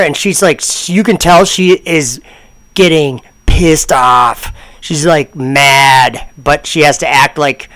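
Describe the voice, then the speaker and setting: A man's voice: fairly high pitch, slow, a bit bright, dry recording. A man casually commenting on a livestream, rambling and sarcastic. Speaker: streamer reacting to videos.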